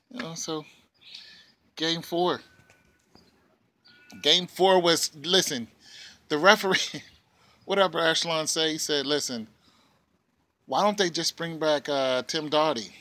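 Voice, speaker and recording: A man ranting casually in a vlog from his porch, animated and mocking, often laughing. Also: fairly high pitch. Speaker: vlogger. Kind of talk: casual opinion rant.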